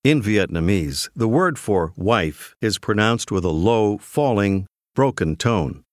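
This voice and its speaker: Male lesson narrator, low voice with a very lively melody, measured studio delivery. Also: no room sound. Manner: clear, measured prompting. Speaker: language course narrator. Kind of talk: scripted instructional narration.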